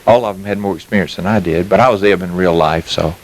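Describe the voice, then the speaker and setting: A man's voice: low-pitched, fast talker, low-quality recording. A man in his fifties with a Southern US accent from Mississippi, telling folksy anecdotes with chuckles as an interview guest, a little tired. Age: 50s. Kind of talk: casual storytelling interview. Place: mobile home sales lot.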